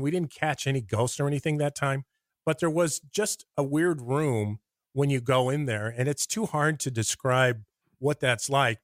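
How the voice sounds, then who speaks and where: A middle-aged man with an American Midwest accent, a radio personality telling rambling, animated stories in a conversational interview. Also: mid-range voice, no echo, studio quality. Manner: rambling, animated anecdotes with acted-out quotes. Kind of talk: conversational storytelling.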